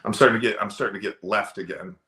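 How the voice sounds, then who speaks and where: A man's voice: lowish voice, fairly even intonation, fast, sharp tone. A middle-aged man, a sales trainer, talking casually in an interview with an emphatic, storytelling delivery.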